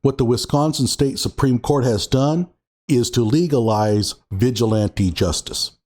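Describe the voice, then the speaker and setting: A man's voice: medium pitch, measured pace, a little mellow. A man hosting his own show, giving sarcastic commentary on a court ruling and reading passages out with heavy emphasis. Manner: sarcastic, reads documents aloud with emphasis. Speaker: show host.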